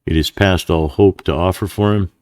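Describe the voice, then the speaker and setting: A man voicing a smooth, greedy Mexican cavalry colonel who speaks courteously and flatteringly. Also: low-pitched, normal speed, no echo, studio quality, voice pushed up, lightly acted. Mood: coaxing.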